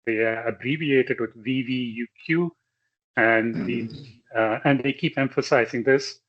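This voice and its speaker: A male lecturer giving a technical slide presentation in a measured way, pausing often with fillers and correcting himself. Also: medium pitch. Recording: slightly dull lo-fi audio.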